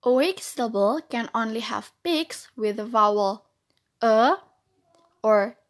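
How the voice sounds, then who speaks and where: A woman's voice: fairly high pitch, moderate pace. A young woman narrating a scripted lesson, carefully sounding out vowels and letters one at a time. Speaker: teacher.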